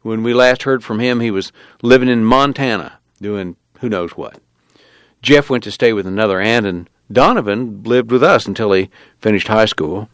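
A man's voice: fairly low pitch, moderate pace, no echo, lightly acted. A man doing a plain-spoken, grim old storyteller. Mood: proud.

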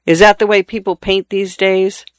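A man's voice: high-pitched, flat delivery, normal speed, clear, resonant tone, no room sound, studio quality, pitched above the performer's own voice, natural voice. A man reading a story aloud and voicing a bitter, idle husband who answers bluntly and sullenly. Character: bitter, idle husband, former athlete, drinking.

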